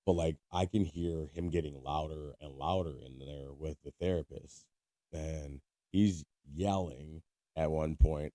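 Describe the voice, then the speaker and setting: Deep-voiced man telling a story casually. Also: warm tone, no echo, clean studio sound. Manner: swearing, laughing storyteller who bursts high when quoting. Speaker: podcast co-host.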